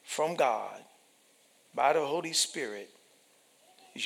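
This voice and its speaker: A man preaching a sermon with a gravelly, slightly high voice that swings widely in pitch. He speaks slowly and emphatically, repeating phrases and acting out the voices he quotes. A long reverb follows his words through a large hall. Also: huge pitch swings.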